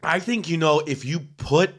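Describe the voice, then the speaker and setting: A man's voice: fairly high pitch, normal speed. A man co-hosting a comedy podcast, asking the others questions and riffing on the topic. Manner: asks questions, riffs in bits. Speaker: comedian co-host. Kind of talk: casual podcast banter.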